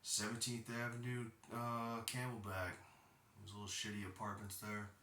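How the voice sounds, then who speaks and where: A very low-pitched man in his thirties tells his own story in a blunt, profane way, heated at times. His voice has a bright, forceful edge. He sits some way from the mic in an echoey room. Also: completely flat delivery, moderate pace, a little hiss or hum. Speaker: podcast host. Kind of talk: personal storytelling monologue. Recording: roomy sound, distant from mic.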